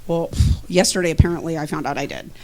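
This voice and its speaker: A middle-aged woman casually telling a personal story as a testimonial, lively, acting out both sides of conversations and laughing often. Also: low voice, fast. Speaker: student giving a testimonial.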